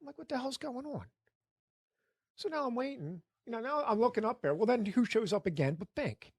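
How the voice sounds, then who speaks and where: A man who is a podcast guest telling a long story in a casual way. He is animated, acts out the people in his story and laughs often. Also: extremely high pitch, a little fast, breathy edge, no room sound, clean studio sound.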